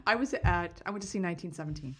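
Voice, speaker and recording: A woman's voice: lowish voice, fast. Laughing, playful middle-aged woman storyteller. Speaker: podcast co-host. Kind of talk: casual chat.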